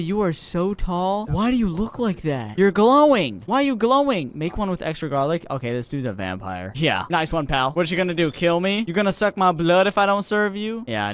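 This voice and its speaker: A man's voice: sits high, smooth. A man doing let's-play commentary as a gaming YouTuber, joking and teasing the game's characters.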